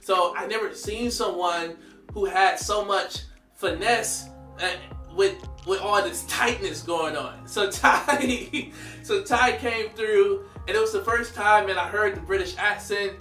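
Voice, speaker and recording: A man in his thirties telling a story in a slangy, animated way, laughing often. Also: high voice, unhurried, reverberant, far from the mic, soft background music. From United States. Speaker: vlogger. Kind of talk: casual storytelling.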